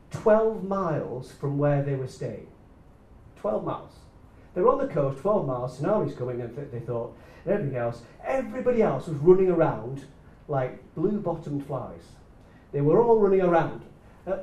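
Animated preacher in an echoey hall. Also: male voice, on the high side, normal speed, far from the mic. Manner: animated, shifting between loud bursts and hushed soft lines. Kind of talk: sermon. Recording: echoey room, speaker away from the mic.

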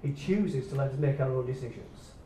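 A man preaching a sermon, swinging between loud excited bursts and quiet hushed lines. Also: mid-range voice, fairly quick, far from the mic, slight background noise. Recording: echoey room, speaker away from the mic.

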